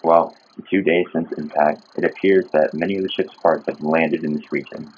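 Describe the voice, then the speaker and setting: A man voicing a small stranded male alien spaceship captain, reading a ship log in a lower, measured voice. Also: fairly even intonation, a little hiss or hum. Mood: formal. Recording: muffled lo-fi mic.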